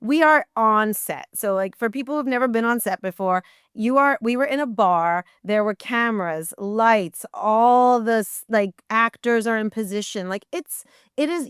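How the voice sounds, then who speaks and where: A woman guest telling a story in a podcast interview, animated and acting out dialogue with incredulous asides. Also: on the high side, normal speed, clean tone, dry recording, clean studio sound. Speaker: guest, burlesque performer.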